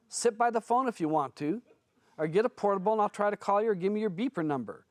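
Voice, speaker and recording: A male spiritual teacher speaks bluntly and casually to a seminar audience, with a voice a touch higher than most men's. He talks like he is telling stories. The sound is close and dry, with no room echo. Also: animated, fast talker. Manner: blunt, conversational, storytelling.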